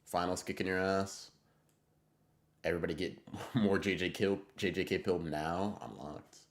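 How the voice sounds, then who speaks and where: Low-voiced man chatting on a livestream. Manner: excitable, rambling, swears often, quick bursts. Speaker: streamer. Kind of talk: casual livestream chat reading viewer messages.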